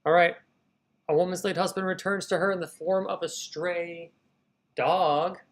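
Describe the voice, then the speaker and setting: A high-voiced man speaks without hurry while hosting a live writing session, energetically voicing his thoughts and chatting casually with viewers he calls "y'all."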